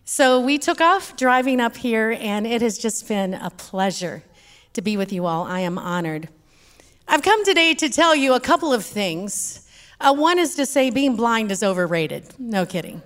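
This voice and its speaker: A middle-aged woman with a Texan accent gives a guest talk at church. She tells stories in a joking, lively way. Her voice sits a little high. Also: normal speed. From Texas. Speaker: guest speaker.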